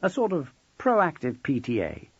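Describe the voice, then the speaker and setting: A man playing a wry, joking schoolteacher with a husky, lively voice. The audiobook sound is dull and dry. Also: mid-range voice, unhurried, no room sound, exaggerated voice. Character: wry, witty male teacher, head of sixth form.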